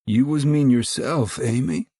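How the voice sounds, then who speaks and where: A man voicing a calm elderly woman who gently scolds children, speaking slowly and measuredly in a storybook reading. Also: medium pitch, slightly rough, dry recording, studio quality, pitched above the performer's own voice. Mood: reproving. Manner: slow and measured.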